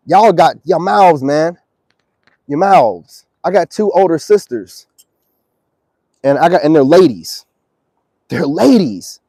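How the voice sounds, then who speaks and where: High-voiced, dark-toned ranting man. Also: no echo, poor audio. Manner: preachy, confrontational, slangy. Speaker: self-styled spiritual commentator. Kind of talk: ranting monologue to camera. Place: outdoors.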